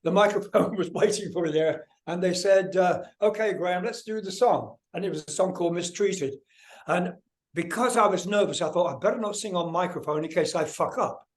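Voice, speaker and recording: A man's voice: high voice, fairly quick. An older man, a guest musician, telling stories in a casual interview, swearing freely and acting out other people's voices. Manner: animated, swears freely, acts out voices in anecdotes.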